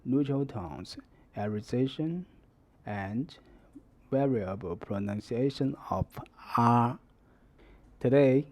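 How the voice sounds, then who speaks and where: Man, Mandarin teacher, scripted lesson, slow deliberate delivery, warm low timbre. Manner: measured, deliberate explaining.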